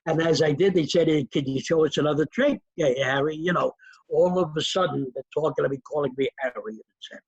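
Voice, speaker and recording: A man's voice: a little high, fairly quick, breathy edge, no room sound, highs cut off. An older man, a magician being interviewed, telling stories from his past and acting out the people in them. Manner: animated, acts out quoted voices. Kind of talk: anecdotal storytelling.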